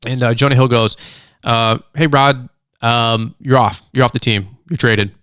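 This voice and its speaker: A middle-aged man hosting a casual solo podcast, chatty and animated, acting out quick quoted voices as he tells stories. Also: medium pitch, clean tone, dry recording, clean studio sound. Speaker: podcast host, lawn care business owner. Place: studio.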